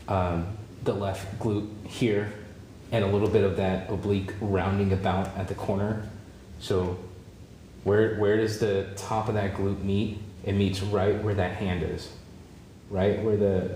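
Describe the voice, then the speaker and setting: A man teaching a drawing demonstration, relaxed and encouraging, thinking aloud as he draws and repeating key points. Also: low-pitched. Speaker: art teacher. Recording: roomy with faint background noise.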